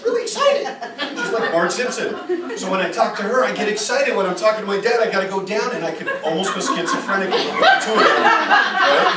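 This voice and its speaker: Chatty man lecturing in an echoey room. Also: high-pitched. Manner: animated, chatty, rhetorical "right?". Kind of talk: informal lecture with storytelling. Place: group retreat room. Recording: echoey room, distant mic, faint hiss.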